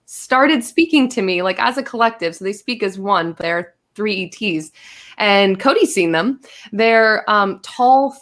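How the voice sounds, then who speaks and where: A woman guest on a podcast, telling a long story in casual chat, acting out her own quotes with lots of fillers. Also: medium pitch.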